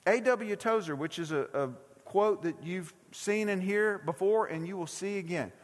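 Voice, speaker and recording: Male pastor, middle-aged, preaching a sermon, high voice, conversational, long reverb of a church hall. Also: normal speed. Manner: conversational, asks the congregation many questions. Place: church sanctuary.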